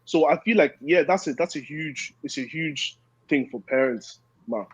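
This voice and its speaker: A man's voice: on the high side, normal speed, husky, no echo, low-quality recording. A young man talking as a guest on a talk show, earnest and rambling, acting out quotes as he speaks. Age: young adult. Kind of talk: casual chat.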